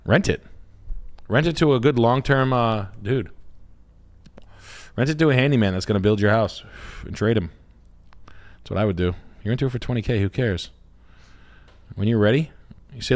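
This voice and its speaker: A man's voice: mid-range voice, moderate pace, pauses often. A man hosting a live stream as a realtor, talking in a rambling, blunt and profane way. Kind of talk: casual livestream chat.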